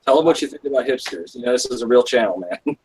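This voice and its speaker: A man hosting a live stream, talking in a laid-back, profane, slangy way with a husky voice. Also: medium pitch, animated, fast talker, darkish tone, low-quality recording. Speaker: stream host. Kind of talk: casual chat.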